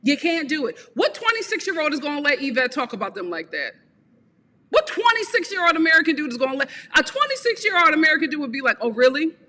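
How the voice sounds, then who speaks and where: A woman's voice: high-pitched, very animated, fast, sharp tone, long reverb tail. A woman giving a blunt, sassy live review of a reality TV show, often laughing.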